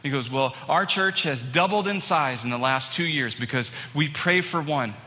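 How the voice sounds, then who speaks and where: A man preaching a storytelling sermon to a congregation, acting out the people in his stories with growing excitement. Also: a little high, normal speed. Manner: animated, acts out quoted people, rising excitement. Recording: long hall reverb, faint ambience.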